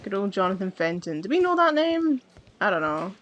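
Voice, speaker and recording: Woman gamer commenting while she plays: chatty, wry, musing to herself, relaxed and casual. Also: mid-range voice, fairly quick, slight background noise. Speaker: gamer playing through a game. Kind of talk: casual let's-play commentary.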